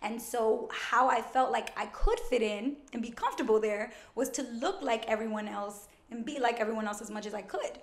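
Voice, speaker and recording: A loud, animated woman around thirty from Brooklyn chats quickly as an interview guest. Her voice sits a little high. The room gives it a roomy echo. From Brooklyn, New York. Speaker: guest, financial educator. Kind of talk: casual interview chat.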